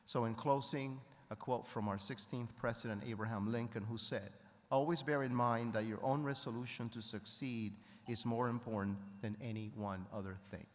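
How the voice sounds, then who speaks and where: A man serving as provost at a ceremony, introducing speakers in a measured, formal way. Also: medium pitch, fairly even intonation, big-room sound. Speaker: university provost.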